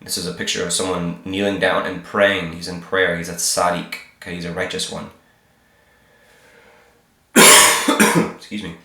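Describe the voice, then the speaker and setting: A man with a very low voice and a cold that roughens it, teaching slowly and patiently. He repeats each sound and keeps checking in with the listener. The room around him rings with echo. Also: little pitch movement, bright, forceful tone. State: sick, slightly hoarse. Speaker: Hebrew teacher. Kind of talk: informal alphabet lesson.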